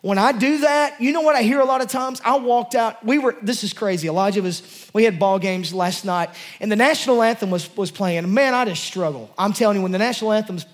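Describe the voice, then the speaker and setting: High-voiced, passionate male preacher. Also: fairly quick, few pauses. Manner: passionate, emotional, conversational preaching with restarts. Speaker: pastor. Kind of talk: sermon. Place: church service before a congregation.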